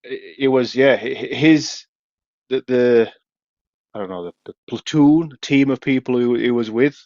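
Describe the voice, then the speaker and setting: A man's voice: medium pitch, measured pace, a little mellow, no echo, highs cut off. A man with a Yorkshire accent telling a long story in casual podcast chat, full of restarts, swearing and laughs. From Yorkshire, England. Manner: rambling, many restarts, swears, laughs often. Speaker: podcast co-host.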